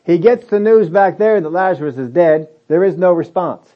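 A man preaching a sermon, animated and acting out the reactions he quotes. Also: high voice, normal speed, dull audio. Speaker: pastor.

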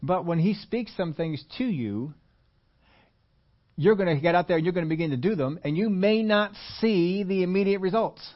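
A man's voice: high-pitched, normal speed, lo-fi sound. An older man preaching a sermon in a church, talking in a folksy, conversational way with many repetitions. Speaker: pastor.

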